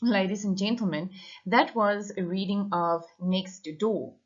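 A woman teacher reading a short story aloud for an online class, in a measured, expressive way. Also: mid-range voice. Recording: muffled lo-fi recording.

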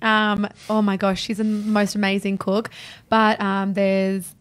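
A woman's voice: medium pitch, completely flat delivery, unhurried. A woman chatting casually, enthusiastic and gushing. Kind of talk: casual chat.

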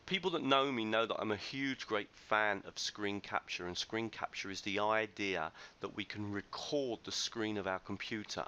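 A man's voice: lowish voice, bright, forceful tone. A man giving a chatty, enthusiastic screencast tutorial as a teacher trainer, recorded on a computer microphone. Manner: chatty, enthusiastic explaining with loose restarts.

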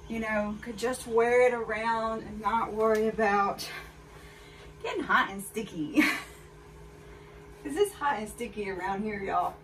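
A chatty woman talking straight to her viewers as she tries on clothes. Her voice sits a little high for a woman. She is a bit away from the mic, with faint noise in the background. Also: bright, forceful tone, far from the mic, rough recording. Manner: chatty, candid, addresses viewers directly. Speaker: fashion haul vlogger. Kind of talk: casual try-on haul chat.

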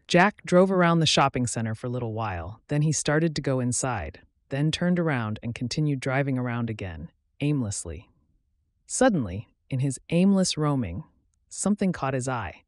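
A man narrating his own story like an audiobook, reading at a measured, steady pace. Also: medium pitch, dry recording, studio quality.

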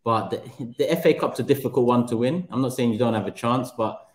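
A man's voice: medium pitch, a little fast. A man, a football podcast panelist talking hesitantly and thinking aloud as he goes. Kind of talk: casual chat. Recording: echoey room.

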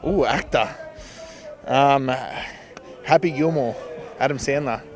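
A man, a rugby league player, chatting enthusiastically in quick bursts outdoors. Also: medium pitch. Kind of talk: casual interview chat. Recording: crowd noise behind.

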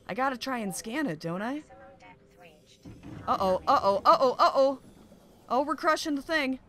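A young woman hosting a game playthrough, commenting excitedly and often gasping "oh my gosh" at what she finds. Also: mid-range voice, a little hiss or hum. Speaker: gaming video host. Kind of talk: excited let's-play commentary.

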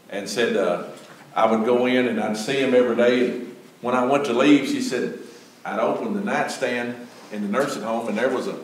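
A man's voice: lowish voice, slight background noise. Older man telling a church story. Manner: folksy storytelling. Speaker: Gideons speaker. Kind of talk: church testimony. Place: church sanctuary. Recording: echoey church from far off.

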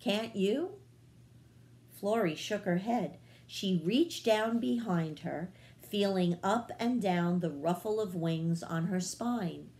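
Children's librarian, female, storybook read-aloud; calm, low, very slow delivery.

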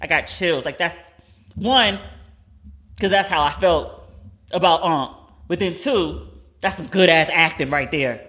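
A woman hosting a podcast, giving a blunt, animated recap of a TV episode in casual chat and swearing freely. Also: low-pitched, normal speed. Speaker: podcast host.

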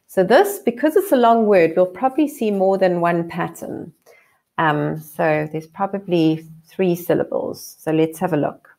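Lady teaching phonics, slow careful sounding out, lowish voice. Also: lively intonation, gravelly. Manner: slow, deliberate sounding out of letters. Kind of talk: phonics lesson.

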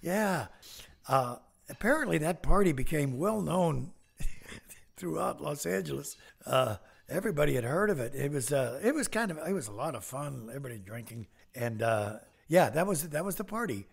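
A man's voice: fairly high pitch, expressive, moderate pace, vocal fry. An older man, a comedian guest on a podcast, telling rambling anecdotes with many fillers and restarts. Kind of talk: casual anecdotes.

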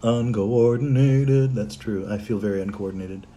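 A man's voice: on the low side, moderate pace, a little mellow, a little hiss or hum. A middle-aged man from Canada, a voice actor, chatting casually on a livestream, reading out fan comments and answering them.

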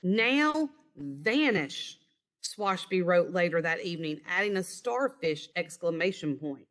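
A woman reading a children's picture book aloud in an expressive storytelling manner, recorded over a screen share. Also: lowish voice, normal speed. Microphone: online screen-share recording.

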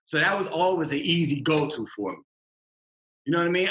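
A man's voice: on the high side, brisk, pushed and bright, echoey room. A young man, a rapper talking in a casual podcast interview, emphatic and slangy, hammering his points home. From Massachusetts. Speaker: rapper guest.

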